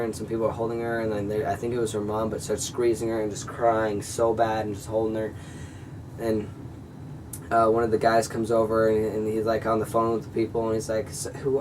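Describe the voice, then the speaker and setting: A young man tells a personal story in a low, fairly flat voice, rambling and earnest, full of fillers. He sits a little back from the mic, and a faint air-conditioning hum runs underneath. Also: far from the mic. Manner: rambling, filler-heavy, earnest retelling with acted-out quotes. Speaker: vlogger telling a personal story. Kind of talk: casual storytelling to camera.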